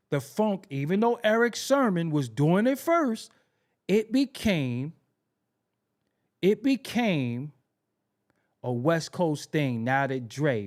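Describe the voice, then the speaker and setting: A man hosting a podcast, telling music history stories in a casual, animated way and repeating himself for emphasis. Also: fairly high pitch. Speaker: podcast host.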